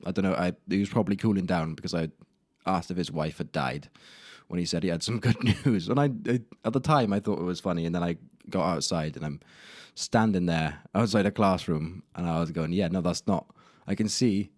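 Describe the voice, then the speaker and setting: A man's voice: low-pitched, a little fast, few pauses, dry recording, clean studio sound. A young man hosting a solo podcast, telling embarrassing stories in a rambling, self-deprecating way with casual swearing. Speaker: podcast host. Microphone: camera mic in a room.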